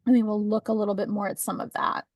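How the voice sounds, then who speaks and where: A woman's voice: medium pitch, flat delivery, quick pace, no echo. Woman teaching on a video call, practical and chatty, little dry asides, dead dry sound. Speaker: webinar presenter. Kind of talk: teaching webinar on document accessibility.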